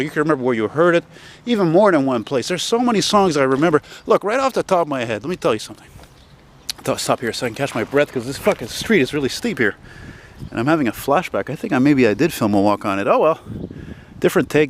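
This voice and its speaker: A man's voice: medium pitch, slight background noise. A man in his forties from Montreal, rambling casually and swearing now and then as he films himself walking up a city street. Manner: rambling, chatty, swears casually, many fillers. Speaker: vlogger.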